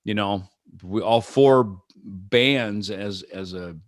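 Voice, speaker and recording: A man with a fairly low voice talks over a video call, wandering through his answers with lots of fillers and restarts. He slips into acted-out quotes as he goes. The sound is dry and close, with no room around it. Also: slow, no room sound. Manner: rambling, many fillers and restarts, acts out quotes. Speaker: rock musician guest. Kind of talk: casual interview chat.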